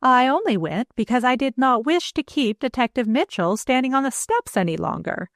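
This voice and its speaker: A proud young woman, quick to protest and flare up, as a woman narrator puts her on. The voice rises sharply in indignation. The reading sounds close and dry. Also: high voice, expressive, no echo, pitched above the performer's own voice.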